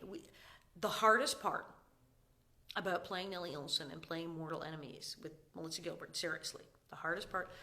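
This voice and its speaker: A woman in her fifties talks casually to viewers of a live stream, and her voice sits a little low. She tells stories in a lively way, acting out quotes and dropping into whispers. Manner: animated storyteller, acts out quotes, drops to whispers. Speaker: actress hosting a live stream.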